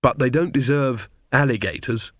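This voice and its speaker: A man's voice: mid-range voice, normal speed, no room sound, studio quality, natural voice. A man voicing an earnest, somewhat fussy young witch woman.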